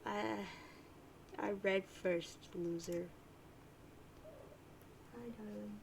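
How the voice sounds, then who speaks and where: A woman's voice: mid-range voice, fairly even intonation, drawn-out words, vocal fry, background noise. A woman reading a webcomic aloud, chatty with jokey asides. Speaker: reader of a webcomic.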